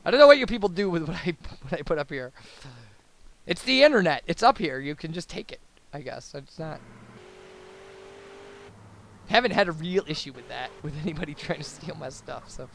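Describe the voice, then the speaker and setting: A man's voice: a little high, expressive, moderate pace, vocal fry, long pauses, slight background noise. A young man rambling casually as a let's play commentator, babbling through tangents with lots of fillers. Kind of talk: casual post-commentary chat over gameplay.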